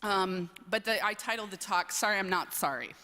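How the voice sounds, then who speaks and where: A woman's voice: medium pitch, normal speed, pushed and bright. A young woman from southern Wisconsin giving a playful, self-deprecating personal talk at a college chapel service, with lots of "um"s. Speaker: chapel speaker, speech coach. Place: large chapel. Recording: long reverb in a large chapel.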